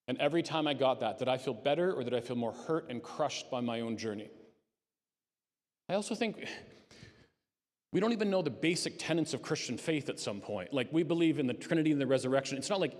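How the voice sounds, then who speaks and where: A man giving an earnest, conversational talk as a conference speaker to a live audience, with lively emphasis. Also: mid-range voice. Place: conference hall. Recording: long reverb of a hall.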